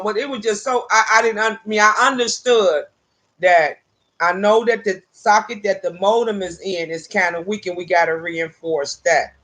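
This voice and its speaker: Fed-up woman ranting live on her phone out on the porch, bright sharp voice, cussing and rambling. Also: mid-range voice. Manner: animated, exasperated and rambling, with frequent swearing. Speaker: live-stream host. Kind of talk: casual live-stream chat. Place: outdoors on a porch.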